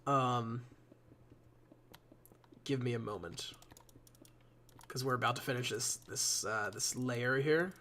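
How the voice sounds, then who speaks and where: A man's voice: mid-range voice, slow, long pauses, sharp tone, a little hiss or hum. A man chatting casually to his viewers while building in a game, rambling and swearing as he goes. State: yawning a lot. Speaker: live streamer. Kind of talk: casual live-stream commentary while building.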